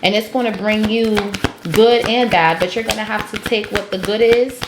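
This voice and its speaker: A woman's voice: medium pitch, steady tone, moderate pace, background noise. A woman giving a casual tarot reading, blunt and profane, breaking into bits of song. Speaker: tarot reader. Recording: echoey room with faint music.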